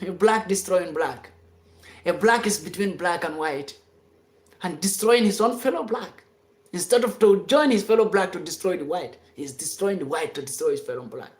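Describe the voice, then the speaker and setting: A live-stream commentator giving an impassioned, off-the-cuff monologue to followers, insistent and repetitive, sometimes rising to shouts. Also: medium pitch, lively intonation, moderate pace, echoey room. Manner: fiery and insistent, repeating phrases, rising to shouts.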